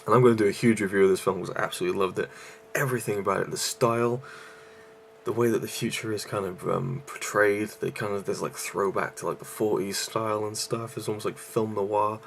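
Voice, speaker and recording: A man's voice: lowish voice, steady tone, a little fast, gravelly, slight background noise. A man reviewing a movie in a casual vlog, out of breath and rambling with many fillers and restarts.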